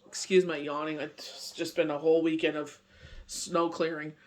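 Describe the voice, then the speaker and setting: A man's voice: a little high, level tone, normal speed. A man giving a casual daily tarot reading, rambling and earnest, full of "you know" and "like" as he reassures viewers. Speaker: tarot reader.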